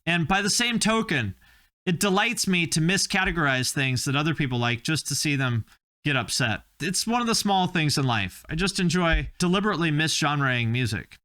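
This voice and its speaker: Bright, high-voiced wry male host. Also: expressive, brisk. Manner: opinionated, wry, self-mocking. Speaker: host reacting to video clips. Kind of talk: casual reaction commentary.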